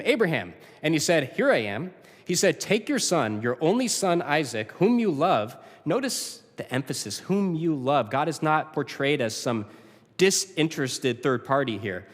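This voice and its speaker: A man preaching in a church, his voice rising and falling with wide, lively swings of pitch. It sits a little above the usual male register, with phrase endings that sink low and quiet. A long church reverb trails behind every line. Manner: expressive preaching, dropping low and soft at phrase ends. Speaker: pastor. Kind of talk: sermon. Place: church sanctuary.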